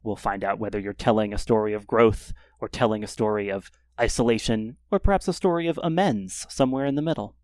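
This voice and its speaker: A man's voice: fairly low pitch, darkish tone, no echo. Man narrating a game scene, dry sound. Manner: descriptive, measured scene-setting. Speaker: game designer running the game.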